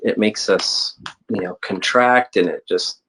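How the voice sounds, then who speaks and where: A man with a fairly low voice hosting a casual interview. He answers his guest in a reflective, affirming way. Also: measured pace, fairly bright tone, a little hiss or hum. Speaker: interview host.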